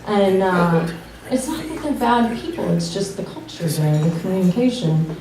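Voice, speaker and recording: Young woman comedian, hesitant halting delivery, very roomy club, mic far off. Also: mid-range voice, big pitch swings, crowd noise. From Massachusetts. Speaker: stand-up comedian. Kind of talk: stand-up comedy set.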